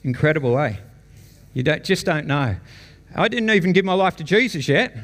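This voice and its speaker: A man's voice: on the high side, lively intonation, moderate pace, fairly bright tone. An Australian man giving a casual, storytelling personal testimony to a church congregation, chuckling now and then. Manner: conversational storytelling, chuckles often. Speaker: church guest speaker. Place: church meeting hall. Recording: long hall reverb.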